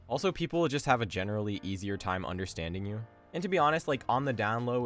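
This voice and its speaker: Young dude youtuber, casual and slangy, talks fast with a lowish voice. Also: male voice, animated, fairly bright tone, faint music behind. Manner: slangy, chatty, quick asides. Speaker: language-learning YouTuber. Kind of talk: casual explainer video.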